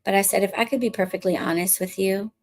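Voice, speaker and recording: Her mid-range voice moves at a quick pace as she tells a casual story, chatty and lively, voicing the quoted dialogue herself. She's an adult witchcraft coach and podcast host from the Bronx, New York, married since before 2020.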